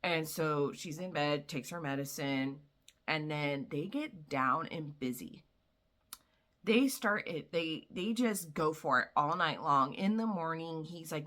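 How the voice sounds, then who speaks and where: A woman vlogger casually recapping a novel, chatty and full of "like" and "you know", quietly acting out the characters' lines. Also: sits low, slow pace. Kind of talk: casual book summary.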